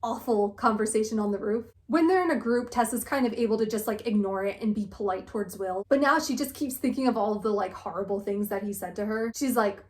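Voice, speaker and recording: A woman's voice: a little high, fairly quick, few pauses. A young woman giving a casual, joking book recap on her vlog, quoting characters as she goes. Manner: animated, jokey, quotes characters with "she's like". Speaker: book vlogger.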